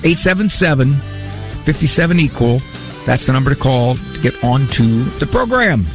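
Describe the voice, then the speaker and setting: A man's voice: mid-range voice, lively intonation, normal speed, over music. A man hosting a radio call-in show, talking loosely and repeating himself as he goes. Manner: rambling, repeats words, chuckles at own story. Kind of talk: conversational call-in talk. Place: radio studio. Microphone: studio mic.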